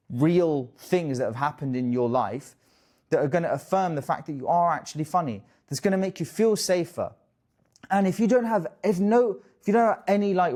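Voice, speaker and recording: Young man, dating coach, casual to-camera talk, swears a lot, jokey asides, slightly high voice. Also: a little mellow.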